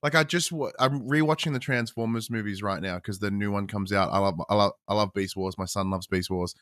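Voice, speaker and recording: A man with an Australian accent, a podcast guest chatting casually, animated and blunt, with many stammered restarts and swearing. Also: lowish voice, a little fast, no echo, clean studio sound.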